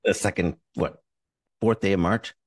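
A man's voice: deep voice, fairly even intonation, measured pace, husky, no echo, studio quality, distant mic. A man co-hosting a podcast, bantering playfully and reading a short charity segment. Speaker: podcast co-host.

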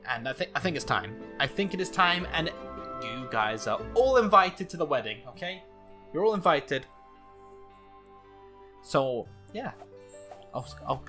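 An excitable let's-play host whose voice leaps all over the place, quick to laugh and yelp. The tone is bright and forceful, recorded on a desk mic with faint game music playing underneath. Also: medium pitch. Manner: excitable, jumpy, frequent laughs and exclamations. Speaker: gaming channel host.

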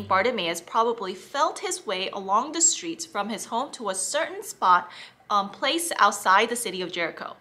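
A woman teaching children, reading a Bible story in an expressive, animated way. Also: mid-range voice.

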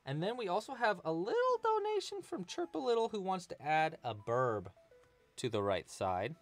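A man's voice: sits high, wildly swooping pitch, normal speed, soft background music. A man hosting a live crochet tutorial stream, chatting casually, thanking donors and answering the chat. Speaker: crochet livestream host.

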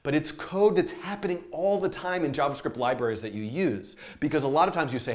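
A man talking through code as he writes it, animated and a little scattered. He rambles, corrects himself and laughs at his own mistakes, keeping the lesson loose and informal. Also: a little high, a little fast, few pauses. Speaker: programming teacher. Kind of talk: live-coding tutorial.

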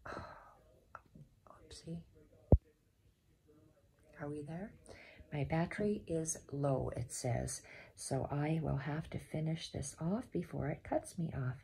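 A woman giving a step-by-step embroidery tutorial at home, softly counting her stitches aloud and often dropping to a half-whisper. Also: sits low, slow pace, gravelly, pauses often, slight background noise. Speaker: embroidery instructor.

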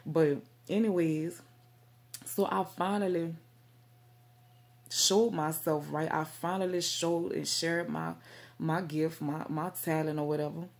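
A woman's voice: sits low, steady tone, slow, vocal fry. A woman vlogging straight to camera about faith and herself, rambling and stumbling over her words with lots of fillers. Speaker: Christian vlogger. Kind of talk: casual direct-to-camera talk.

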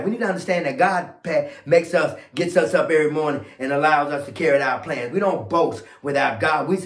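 A pastor preaching a fiery sermon, swinging from shouting to low murmurs. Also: male voice, reverberant. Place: church sanctuary.

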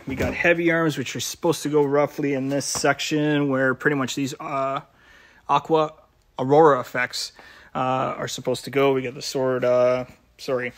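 A man from Canada running a shop, talking casually through a warehouse vlog, rambling with many fillers and little chuckles. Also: mid-range voice. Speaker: shop owner and vlogger. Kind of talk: casual behind-the-scenes vlog. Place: indoor warehouse.

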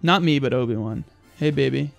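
A man's voice: medium pitch, brisk, vocal fry, dry recording, soft background music. A young man giving crude, joking gameplay commentary, swearing often and acting angry for laughs. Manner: profane, mock-angry, joking. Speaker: gaming video host.

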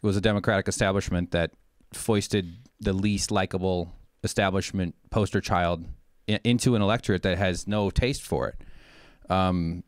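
A man, a co-host, discussing politics in a measured, somewhat hesitant way. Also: sits low, steady tone, no room sound, studio quality.

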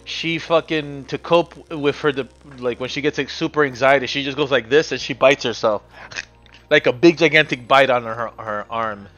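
A man's voice: medium pitch, normal speed, fairly bright tone, highs cut off. Frustrated streamer man muttering over a game. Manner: frustrated, swearing, muttering to himself. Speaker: live streamer. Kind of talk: casual gameplay commentary.

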